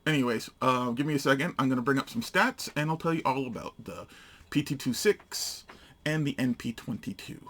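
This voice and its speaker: A man's voice: mid-range voice, fairly quick, a bit bright. A man giving a casual, hands-on product demonstration, narrating each step in short, matter-of-fact phrases. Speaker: gun reviewer.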